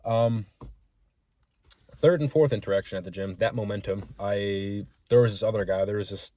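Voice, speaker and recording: In a casual storytelling vlog, a young small business owner recounts gym stories at a moderate pace in a low, dark voice. The tales ramble, he swears freely and speaks frankly, and he acts out what people said.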